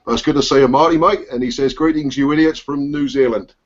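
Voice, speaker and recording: A chatty Suffolk-accented man runs a casual biker hangout over a video call, rambling from one story to the next with plenty of fillers. His voice sits at an ordinary middle pitch. The call audio is dull and lo-fi. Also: fairly even intonation, quick pace. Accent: English, Suffolk. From England. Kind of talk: casual chat.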